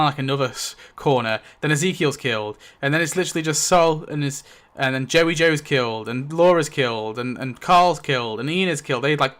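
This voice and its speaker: A man on his own channel recaps a story rewrite settled by dice. He rambles and fills every gap with "like," often breaking into chuckles, in a voice of ordinary male pitch. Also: bright, forceful tone. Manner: rambling, full of "like" fillers and chuckles. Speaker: YouTube host. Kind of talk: casual narration of a dice-rolled story rewrite.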